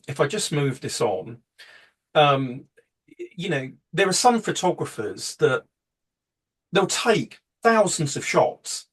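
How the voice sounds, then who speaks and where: Husky man rambling through a talk. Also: mid-range voice. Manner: rambling, heavy with fillers and restarts. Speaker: photography workshop presenter. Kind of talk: casual slide presentation.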